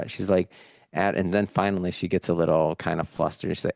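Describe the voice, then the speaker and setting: Low gravelly man telling stories. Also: a little fast, dry recording, clean studio sound. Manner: animated, acts out quoted dialogue. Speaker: podcast guest. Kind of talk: storytelling interview chat.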